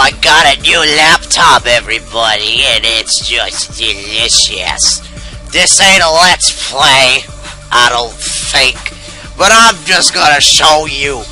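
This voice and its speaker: A man's voice: fairly high pitch, sharp tone, heavily acted, poor audio. A man putting on the voice of a giddy older male comedian who coughs, rambles, curses and scat-sings nonsense while commenting on gameplay. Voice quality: gravelly, with coughing fits. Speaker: gamer doing a voice.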